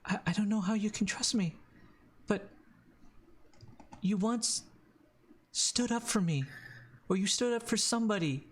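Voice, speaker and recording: A man's voice: high-pitched, a little hiss or hum, pitched above the performer's own voice. A man raising his voice to play a tender young woman. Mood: tender pleading. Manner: halting, soft, pleading. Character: tender young woman whispering to her love.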